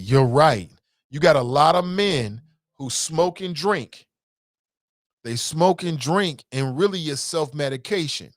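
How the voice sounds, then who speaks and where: A man hosting a casual call-in talk show, reading listener comments aloud and riffing on them in a blunt, animated way, swearing freely. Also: a little high, unhurried, dry recording, clean studio sound.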